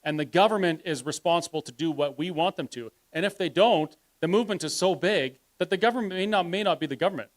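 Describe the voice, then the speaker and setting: A man with a fairly high voice speaks at a live public panel. He argues his case forcefully, and at times stalls mid-sentence while groping for the right word. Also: fast talker, hardly any pauses. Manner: forceful, argumentative, trails off hunting for words. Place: live event hall.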